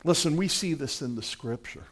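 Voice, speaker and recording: A high-pitched male pastor delivering a sermon. He tells the scripture with drama, slipping into the voices of biblical figures and swinging between hushed and loud. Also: lively intonation, normal speed.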